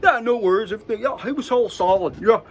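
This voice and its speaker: A man's voice: high voice, quick pace, dull audio, voice pushed up. A man doing a drawling San Diego surfer dude. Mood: easygoing. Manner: drawling, rambling, full of 'yeah' and 'no worries'. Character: laid-back beach-town surfer dude, mellow.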